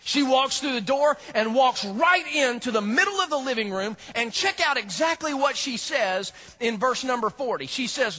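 A male pastor preaching a sermon, animated and humorous as he tells the story. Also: very high voice, normal speed, hardly any pauses.

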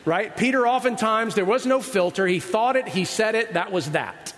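A man's voice: high-pitched, animated, normal speed, fairly bright tone, in a large hall. A man preaching a conversational sermon, retelling Bible stories and acting out their voices, often checking in with the audience. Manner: conversational, asks the audience "right?"; acts out quoted voices of Bible figures. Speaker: pastor.

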